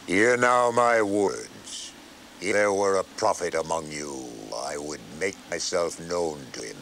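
A grave, solemn divine voice speaks low and hushed, as a man reads it in a storybook Bible telling. The words sound heavy and commanding. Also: takes it slowly, a little hiss or hum, heavily acted.

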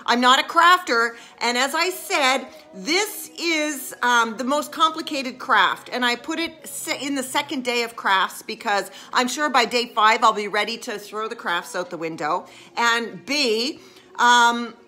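Woman, high voice, bright tone, chatty, self-mocking, live-stream craft chat. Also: a little slow, faint music behind. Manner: chatty, self-mocking, bursts into excited squeals.

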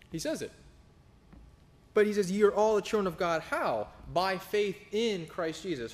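Emphatic male pastor preaching. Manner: emphatic preaching, rising for scripture, dropping low for anecdotes. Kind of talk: sermon.

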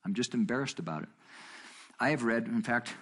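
A middle-aged man teaching a marriage seminar in a conversational way, telling a story with quoted dialogue and jumping up in pitch for emphasis. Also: a little fast. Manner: animated, jumps up in pitch for emphasis.

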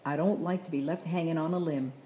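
A woman's voice: low voice, fairly even intonation, fast, roomy sound, slight background noise, close to an everyday voice. Kindly teasing old grandpa, read by a woman. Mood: fond. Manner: gently teasing, chuckling.

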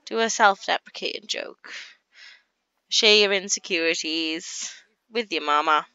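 A woman giving casual gameplay commentary, chatting along and voicing her characters in quick asides. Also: lowish voice, bright, forceful tone, clear, resonant tone, no room sound, muffled recording. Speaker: gaming YouTuber.

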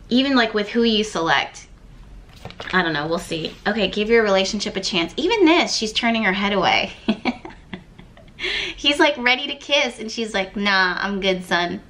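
A woman's voice: mid-range voice, fairly bright tone. A woman giving a casual tarot reading to camera, thinking aloud and rambling with lots of fillers and repeated words. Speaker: tarot card reader.

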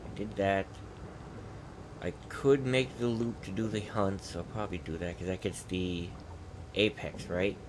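A man's voice: deep voice, fairly even intonation, measured pace, noisy background. A young man giving casual, rambling commentary while playing a video game, thinking aloud and muttering. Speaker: gameplay streamer. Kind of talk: casual let's-play commentary.

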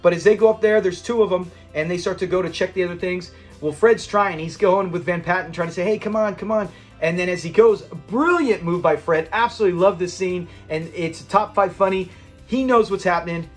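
A man's voice: high-pitched, a little fast, faint music behind. A man recapping a sitcom episode in a casual, enthusiastic, rambling way. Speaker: episode reviewer.

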